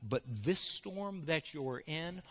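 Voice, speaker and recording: A male pastor preaching a sermon in a church, shifting from hushed to loud. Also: on the high side, lively intonation, slow pace.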